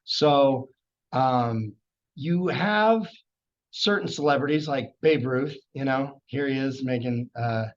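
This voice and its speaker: A man's voice: mid-range voice, slow pace. A middle-aged man teaching history in a casual, rambling, enthusiastic classroom lecture. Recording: dull lo-fi classroom recording.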